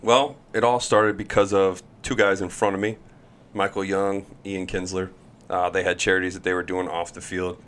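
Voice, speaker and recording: A man telling stories as a podcast guest, lively and acting out the people he quotes. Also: low voice, moderate pace, smooth. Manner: animated storyteller, acts out quoted voices. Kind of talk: casual storytelling chat.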